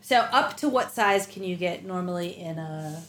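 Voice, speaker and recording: A woman's voice: fairly low pitch, animated, normal speed, a bit bright. Chatty woman hosting a lesson. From United States. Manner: chatty, asks short prompt questions. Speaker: language lesson host. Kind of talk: casual language lesson. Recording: echoey room with faint noise.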